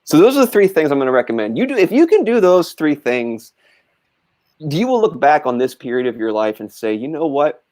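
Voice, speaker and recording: A man's voice: on the high side, sing-song, brisk, darkish tone. A man who is a wellness coach, speaking as a guest on an online talk show, giving earnest advice in a friendly, joking way. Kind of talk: casual chat.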